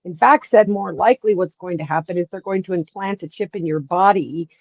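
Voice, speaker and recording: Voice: medium pitch, a little fast, no echo, dull audio. A livestream participant in casual chat, talking in a hedging way full of fillers.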